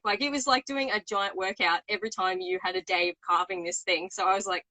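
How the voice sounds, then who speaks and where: A woman's voice: mid-range voice, steady tone, brisk, few pauses, pushed and bright, no echo, rough recording. A woman guest artist in a casual chat on a video call, rambling and restarting her sentences often.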